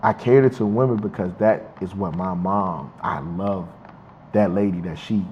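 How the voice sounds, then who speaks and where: A young man speaks in a relaxed interview with a fairly low voice. He is heartfelt and emphatic, circling back to repeat key words. The recording is dull and lo-fi with a faint hiss underneath. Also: normal speed. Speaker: interviewee, university student. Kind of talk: casual interview conversation.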